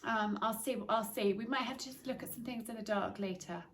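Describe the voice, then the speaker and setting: A woman's voice: fairly high pitch, brisk, a bit bright, recorded from a distance. Chatty woman vlogging from home, a little off-mic. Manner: chatty, rambling, with many restarts and fillers. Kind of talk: casual chat to camera. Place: home indoors.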